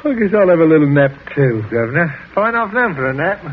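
An actor playing a carefree, offhand young adult son in a 1940s radio drama. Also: male voice, fairly high pitch, very animated, fast talker. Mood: breezy. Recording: tinny old radio broadcast with hiss.

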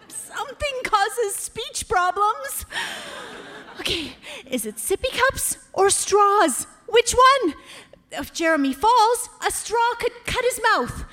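A young woman acting a frantic mother in a comedy sketch, dithering and muttering to herself until she shouts. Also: very high-pitched, very animated, slow, slight background noise.

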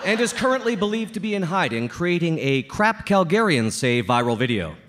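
A man reading a parody comedy newscast in a deadpan anchor delivery. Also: fairly high pitch, moderate pace. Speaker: mock news anchor.

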